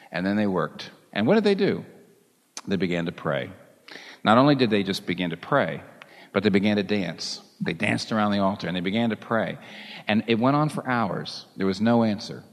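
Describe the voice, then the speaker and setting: A man preaching a sermon as a pastor, telling the story in a lively way and chuckling along with it. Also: fairly low pitch, long reverb tail.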